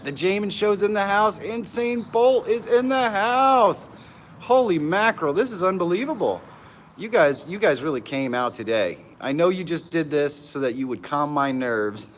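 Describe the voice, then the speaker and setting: Middle-aged guy live streaming from a pavilion, hyped and jittery, shouts out chat names, laughs a ton, bit high pitched. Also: a little hiss or hum. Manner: excitable, greets viewers by name, laughs a lot. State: nervous and stressed. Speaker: vlogger hosting a live stream. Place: outdoor pavilion.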